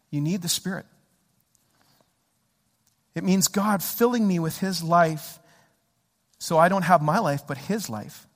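High bright-voiced preacher in a reverberant hall. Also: male voice, moderate pace, long pauses. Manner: animated storytelling, acts out his own shouting. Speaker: pastor. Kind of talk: sermon.

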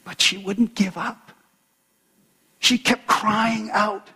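A man with a notably high voice delivers a sermon from the pulpit. He retells a scripture story dramatically, slipping into the characters' lines. His words carry a long echo through a large church hall. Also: fairly even intonation, slow, sharp tone, breathy edge. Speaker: pastor.

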